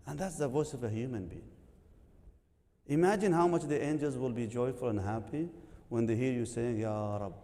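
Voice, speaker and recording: A man telling an animated religious story to a gathering, laughing and acting out what people say. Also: medium pitch, normal speed, big-room sound. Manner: lively, laughing, acts out quotes.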